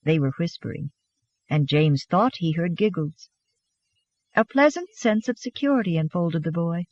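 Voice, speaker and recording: An expressive audiobook narrator telling the story with warmth of delivery and a pitch that rises and falls freely. The sound is close and dry, with a slightly dull, muffled top end. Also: normal speed, no room sound. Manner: expressive, gently animated storytelling.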